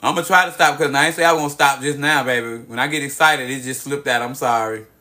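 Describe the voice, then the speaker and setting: A young man hosts a casual livestream, reading out viewers' cities and chatting in an excitable, profane, drawling way, calling everyone baby and girl, into a phone mic. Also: mid-range voice, brisk. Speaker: livestream host.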